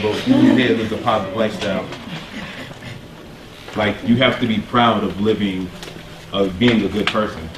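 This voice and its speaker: Low-voiced man speaking casually on a panel. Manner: casual, animated, heartfelt. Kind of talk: round table conversation. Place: library event hall. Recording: echoey hall from far off, noisy.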